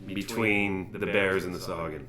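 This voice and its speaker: A man narrating a tabletop game as game master, halting and correcting himself as he describes the fight. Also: low-pitched, fairly even intonation, a crowd in the background. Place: home streaming setup.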